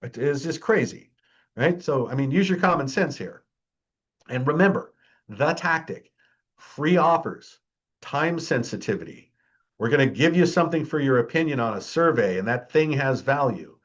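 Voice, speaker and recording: A man's voice: mid-range voice, expressive, normal speed, highs cut off. A man presenting a security awareness training. He talks in a chatty, emphatic way, keeps checking in with the audience, and mocks scams with dry humor. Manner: wry, mocking tone toward scams.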